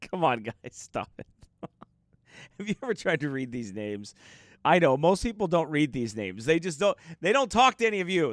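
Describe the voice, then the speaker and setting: An American pastor warms up his livestream audience ahead of the sermon, joking around in a relaxed way and calling out viewers by name. He speaks at a medium pitch, with clean studio sound and no echo.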